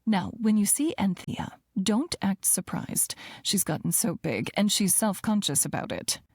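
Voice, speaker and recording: A woman's voice: mid-range voice, lively intonation, a little slow, darkish tone, husky, no echo. Snooty rich mom hissing at her daughter, clipped and disapproving, woman doing the voice, dry audiobook sound. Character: snobbish rich older mother, cold and disapproving.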